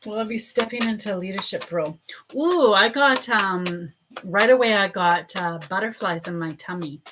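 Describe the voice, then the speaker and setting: A woman's voice: mid-range voice, moderate pace, a bit bright, slight background noise. A woman doing a live psychic reading, chatting casually with viewers, greeting them by name and restarting her sentences often. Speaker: psychic reader on a livestream.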